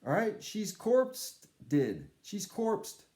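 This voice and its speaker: High-voiced man telling a rambling story. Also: reverberant. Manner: rambling, halting, deadpan-comic. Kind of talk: comic dream storytelling to camera.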